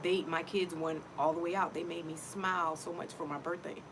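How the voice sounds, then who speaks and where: A woman's voice: on the low side, level tone, brisk, noisy background. A middle-aged woman talking casually and emotionally to her viewers in a personal vlog, often repeating herself. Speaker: vlogger.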